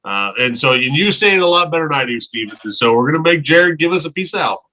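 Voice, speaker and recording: A man's voice: fairly high pitch, expressive, fast, bright, forceful tone, poor audio. A man co-hosting a casual podcast, talking earnestly and rambling a little, often repeating his words as he thinks aloud. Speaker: podcast co-host.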